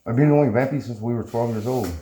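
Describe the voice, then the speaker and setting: A man's voice: mid-range voice, fast, dark tone. A man in casual chat, blunt and terse, full of slang. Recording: echoey room, faint noise.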